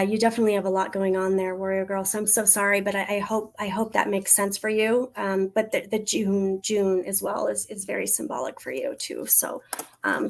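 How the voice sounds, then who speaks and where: A woman working as a psychic medium, doing a livestream reading and Q&A, talking in a soft, reassuring way with frequent pauses, fillers and restarts. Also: mid-range voice, gravelly. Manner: hesitant, halting, many fillers and restarts.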